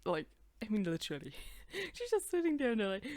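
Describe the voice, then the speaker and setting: A woman's voice: mid-range voice, wildly swooping pitch, a little fast, darkish tone. A young woman casually reacting to her own old videos, swearing, laughing and putting on voices for the characters.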